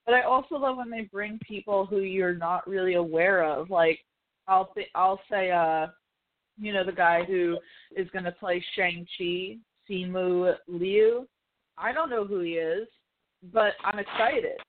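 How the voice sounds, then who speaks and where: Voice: medium pitch, fairly even intonation, measured pace. A podcast host chatting casually about films, rambling with lots of fillers and frequent swearing. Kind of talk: casual pop-culture chat. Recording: phone-like narrow band.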